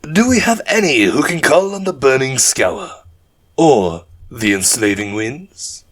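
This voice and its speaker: A male narrator voicing a mischievous, grinning male demon prophet who taunts in slow, drawn-out questions, for an audiobook. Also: mid-range voice, very animated, fairly bright tone. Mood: taunting.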